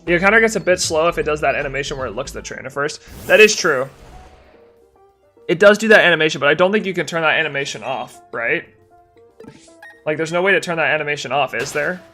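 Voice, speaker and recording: A man's voice: fairly high pitch, expressive, fast talker, sharp tone, soft background music. A young man live-streaming a game, tired and yawning, chatting casually and answering chat while he plays.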